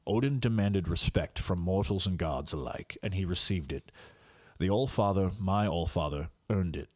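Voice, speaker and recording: A man's voice: low voice, expressive, normal speed, a little mellow, no echo, studio quality. A man reading lines as a noble thunder god king who speaks in solemn, archaic phrasing.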